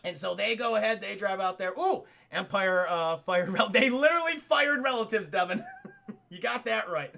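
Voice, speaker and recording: A young man streaming, retelling a film to his chat in a loose, animated way and swearing often. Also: high voice, normal speed, vocal fry. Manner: animated, profane, addresses chat. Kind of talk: casual livestream movie retelling.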